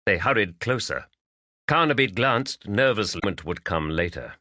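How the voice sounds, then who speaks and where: A man narrating a mystery audiobook in a measured, expressive reading. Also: fairly low pitch, dry recording, clean studio sound.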